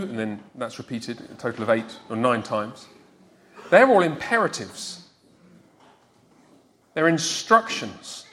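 A man's voice: fairly high pitch, a bit bright. A man preaching a teaching sermon to a congregation, emphatic and quizzing his listeners as he explains scripture.

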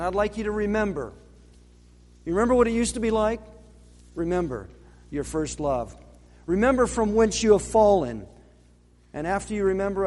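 A male pastor delivering a sermon in a somewhat high voice. He leans hard on key phrases, stretching them out and letting them sink low and quiet. The sound carries a long reverb, like a church hall. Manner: emphatic, slowing for stress and dropping low on key words.

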